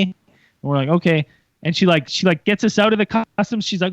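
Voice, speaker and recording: A young man co-hosting a podcast, telling a story in a lively, profane way and acting out the voices of others. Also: high-pitched, brisk, no echo. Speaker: podcast co-host. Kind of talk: casual storytelling chat. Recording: muffled lo-fi sound.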